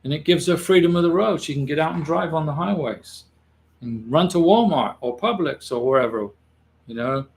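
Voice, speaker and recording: A man's voice: fairly high pitch, normal speed. A man hosting an advice livestream, talking casually to viewers in a reassuring way and often repeating or restarting his phrases. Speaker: immigration advice livestream host.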